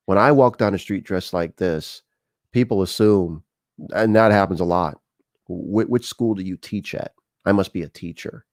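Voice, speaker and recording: Deep-voiced American man telling stories. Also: a little mellow, no room sound, studio quality. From United States. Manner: conversational storytelling with frequent fillers and restarts. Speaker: show host. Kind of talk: live-streamed opinion talk.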